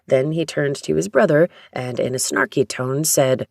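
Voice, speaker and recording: Gravelly, dry first-person audiobook narrator. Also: medium pitch, normal speed, no echo.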